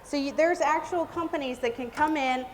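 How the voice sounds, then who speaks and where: A woman's voice: sits high, normal speed. A woman giving a live cake decorating demonstration, chatty and exclamatory. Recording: reverberant hall with faint noise.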